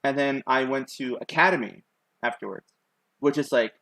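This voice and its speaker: A man's voice: medium pitch, normal speed, creaky, bright, forceful tone, dry recording, poor audio. Rambling young man on a dry mic. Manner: rambling, with many "like" fillers and self-mocking asides. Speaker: streamer. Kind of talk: casual storytelling while drawing on a live stream.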